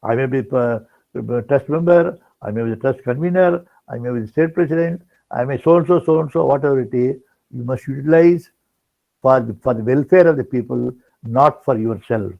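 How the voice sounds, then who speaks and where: Older male preacher, rambling and repetitive; gravelly, muffled recording. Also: mid-range voice, brisk. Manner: rambling, repeats words, many restarts. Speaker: spiritual speaker. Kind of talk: devotional discourse. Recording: dull lo-fi online talk recording.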